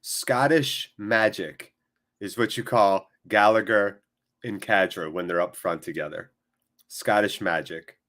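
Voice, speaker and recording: A man hosting a live football watchalong, switching between excitable play-by-play and chatty replies to viewers. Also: fairly low pitch, unhurried. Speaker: watchalong host. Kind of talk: live match watchalong commentary.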